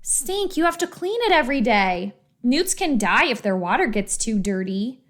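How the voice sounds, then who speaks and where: A woman's voice: fairly high pitch, sing-song, moderate pace, a bit bright. A woman voicing a bossy, confident young girl who talks in a breezy, teasing way.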